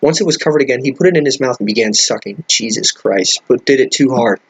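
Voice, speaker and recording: Husky-voiced man reading aloud, exasperated. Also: medium pitch, quick pace. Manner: stumbles over words and breaks in with incredulous, profane remarks. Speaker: comedic reader. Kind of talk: reading a fan fiction aloud with commentary.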